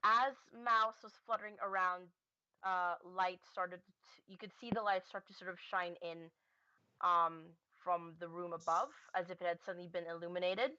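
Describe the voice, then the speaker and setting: A woman's voice: lowish voice, level tone, moderate pace, bright, forceful tone, smooth, no room sound, dull audio. A woman narrating a tabletop game as game master, hesitant, with many fillers and self-corrections.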